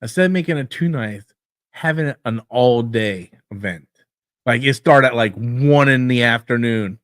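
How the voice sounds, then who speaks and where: A man co-hosting a casual wrestling podcast, blunt and profane, who mocks promoters in quick put-on voices. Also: mid-range voice, a bit bright, no echo. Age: older than co-host, calls himself old school. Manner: blunt, swears freely, mocks in put-on quotes. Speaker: podcast co-host.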